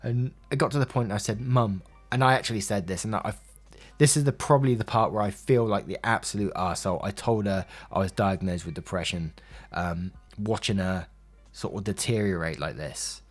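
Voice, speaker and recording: A man's voice: lowish voice, brisk, faint music behind. A man with an English accent, a YouTube narrator telling a personal story in a candid, emotional, rambling way full of fillers.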